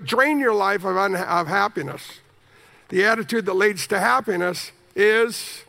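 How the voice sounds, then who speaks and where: A man preaching a sermon in an animated, joking way, now and then singing a few lines of a hymn. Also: high-pitched, moderate pace, vocal fry. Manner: animated, jokey, sings snippets of hymns. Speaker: pastor.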